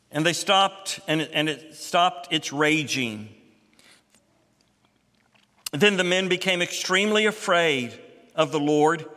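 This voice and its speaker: Bright-voiced preacher in a reverberant hall. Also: male voice. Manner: expository preaching, rising in pitch and force for emphasis. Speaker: pastor. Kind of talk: sermon.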